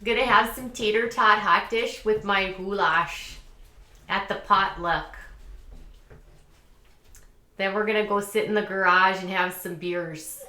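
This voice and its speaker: A woman's voice: mid-range voice, unhurried, long pauses, sharp tone, roomy sound. A woman doing a folksy small-town potluck lady. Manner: exaggerated folksy drawl.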